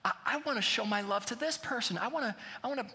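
A male pastor delivers an earnest sermon in a bright, forceful voice that pushes into emphatic peaks. His words ring out with a long reverb, as if spoken in a large hall. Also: extremely high pitch, quick pace. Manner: earnest, builds to emphatic preaching.

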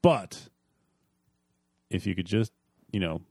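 A man's voice: low-pitched, slow, creaky, a little mellow, dry recording. A man co-hosting a podcast in casual chat, making wry dry quips. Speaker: podcast co-host.

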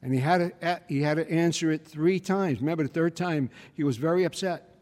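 A man giving a conversational teaching homily, often pausing to check in with his listeners. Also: a little high, darkish tone. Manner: conversational, checks in with the audience by asking "okay?" and "hmm?". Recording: reverberant hall.

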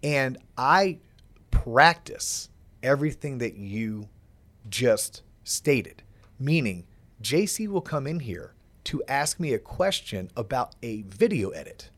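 A man's voice: mid-range voice, big pitch swings, slow pace, a bit bright. A man hosting a podcast, reflecting on and building on his guest's points in casual chat. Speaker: podcast host. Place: podcast studio set.

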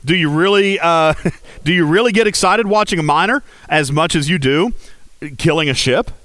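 A man hosting a casual game livestream, talking in an animated, rhetorical way with many fillers. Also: fairly high pitch, normal speed, dry recording. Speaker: livestream host. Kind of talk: casual game commentary chat.

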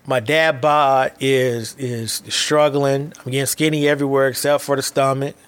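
A man's voice: medium pitch, flat delivery, moderate pace, fairly bright tone, smooth. A man in his thirties hosting a solo motivational podcast, talking candidly and reflectively in casual slang with frequent restarts. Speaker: podcast host.

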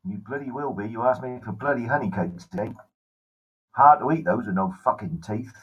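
A man's voice: fairly high pitch, very animated, unhurried, breathy edge, muffled recording, heavily acted. A man voicing a blunt, hot-tempered woman traveller who swears often. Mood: threatening.

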